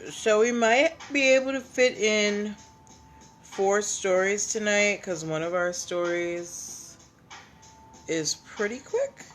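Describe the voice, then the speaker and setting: Slow-talking woman hosting a casual livestream. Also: mid-range voice, faint music behind. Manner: chatty, greets viewers by name. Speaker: livestream host.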